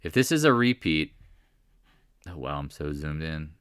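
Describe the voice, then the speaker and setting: With a very deep, sing-song voice, this man hosts a live stock market chat at a measured pace, his tone fairly bright and smooth. He talks casually but emphatically, circling back to his points and rambling. The studio sound is clean, with no echo.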